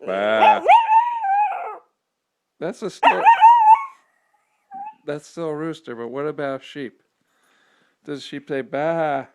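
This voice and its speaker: A man's voice: a little high, normal speed. A man as a parent asking a small child patient, coaxing questions in a casual home video. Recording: home video with steady background noise.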